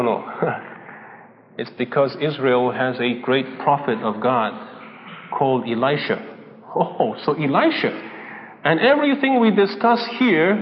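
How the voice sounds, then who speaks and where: Man preaching, storytelling sermon, slightly high voice, old dull recording, long hall reverb, faint hiss. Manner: storytelling, acting out dialogue with laughs.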